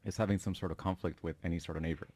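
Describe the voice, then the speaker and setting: A man's voice: deep voice, fairly even intonation, racing, darkish tone, slightly rough, no echo. An American man talking as a guest in a casual chat, easygoing and loose, with lots of fillers. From United States. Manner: easygoing, many "you know" fillers.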